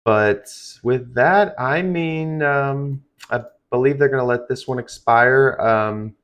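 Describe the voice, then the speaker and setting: A man's voice: mid-range voice, slow, fairly bright tone, smooth. A tired man hosting a live stream of severe weather coverage, talking in a rambling, conversational way with lots of fillers. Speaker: livestream weather host.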